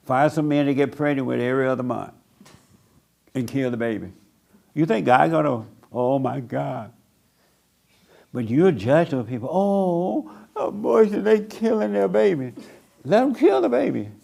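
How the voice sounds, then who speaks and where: An older man preaching a blunt sermon to a small group, mocking people by acting them out in a higher voice. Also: vocal fry, a little mellow. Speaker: pastor.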